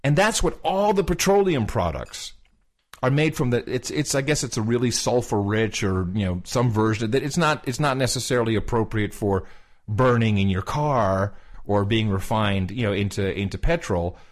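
Low-voiced man, rambling storyteller. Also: normal speed. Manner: animated retelling, quoting others, many fillers and restarts. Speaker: podcast co-host. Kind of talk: casual conversational storytelling.

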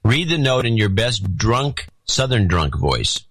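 A man's voice: lowish voice, very animated, unhurried, a bit bright, breathy edge, no room sound, rough recording. A man co-hosting a podcast in casual chat, reading listener notes aloud with a dry, wry delivery. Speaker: podcast co-host.

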